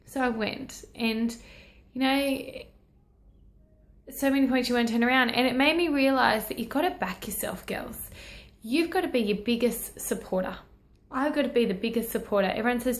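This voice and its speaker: A woman's voice: on the high side, reverberant. A woman, talking earnestly into a phone held at arm's length, rambling and encouraging herself and her audience. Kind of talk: personal selfie video talk.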